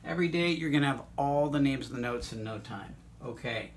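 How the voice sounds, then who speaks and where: A man teaching an online music lesson, encouraging students and walking them through note names and vocal warm-ups. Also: medium pitch, a little fast.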